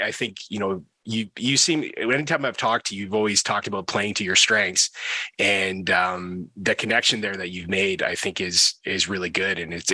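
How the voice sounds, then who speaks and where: A man's voice: low voice, sharp tone, slightly rough, no room sound. A man hosting an interview, asking questions in a friendly, affirming way with some hesitant fillers. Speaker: guest host, interviewer. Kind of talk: conversational interview.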